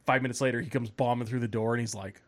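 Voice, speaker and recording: A man on a casual podcast telling a long story, animated and swearing, laughing as he acts out the people in it. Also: mid-range voice, rapid-fire. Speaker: podcast host.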